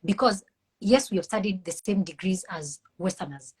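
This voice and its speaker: A mental health professional with a Kenyan accent, she talks at normal speed in a mid-range, slightly rough voice as a guest in a conversational interview. Her tone is earnest, impassioned, and a bit preachy, and the recording is low quality.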